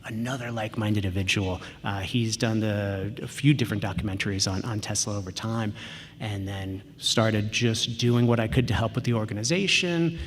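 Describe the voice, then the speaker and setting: A man's voice: lowish voice, normal speed, a little hiss or hum. A man giving a conference talk, telling a personal story in a chatty way with frequent ums and quoted asides. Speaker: conference speaker. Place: large auditorium. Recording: long reverb of a large hall.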